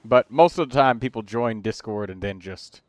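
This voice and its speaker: A man's voice: lowish voice, no echo. A man hosting a game livestream, chatting casually and rambling through build advice. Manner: chatty, rambling, quick asides to chat.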